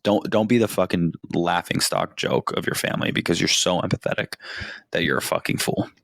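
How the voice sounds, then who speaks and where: A man's voice: deep voice, lively intonation, a little fast, creaky, fairly bright tone, dry recording. A man hosting a podcast, giving casual advice with lots of swearing and frequent "right?" check-ins. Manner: profane, conversational, keeps checking in with "right?". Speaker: podcast host.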